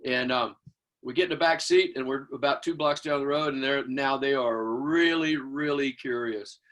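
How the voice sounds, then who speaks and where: A man's voice: mid-range voice, normal speed. An older man from Houston, a drummer and guest, telling stories in an interview, acting out quotes and scatting drum beats. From Houston, Texas. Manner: animated storyteller acting out quotes and scat-singing drum beats. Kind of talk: storytelling interview.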